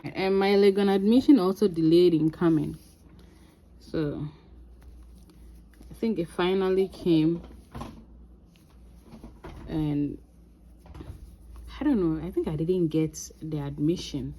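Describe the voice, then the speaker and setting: A woman with a Ghanaian accent telling a story from her own life in a casual vlog, animated and laughing often. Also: lowish voice, slow, pauses often, a little hiss or hum. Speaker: crafting vlogger.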